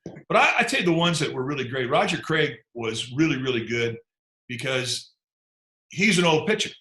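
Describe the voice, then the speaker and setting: A man with a crisp, bright voice recounts baseball anecdotes in an easy, unhurried storytelling manner. He chuckles and drifts into asides as he goes. The sound carries a noticeable echo of the room around him. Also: mid-range voice, big pitch swings. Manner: laid-back, chuckling, trails off into asides. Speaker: former big league pitcher telling stories. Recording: echoey room.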